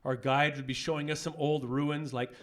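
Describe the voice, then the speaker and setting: A man in his forties from French-speaking Canada doing a stand-up set on stage, animated and switching into loud voices for punchlines. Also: on the high side, normal speed. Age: 40s. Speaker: stand-up comedian. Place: comedy club stage with audience.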